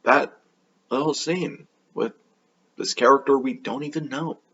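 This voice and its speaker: A man's voice: medium pitch, unhurried, fairly bright tone, slightly rough, muffled recording. A man hosting an anime review video, talking in a casual, offhand, rambling way with a sarcastic edge.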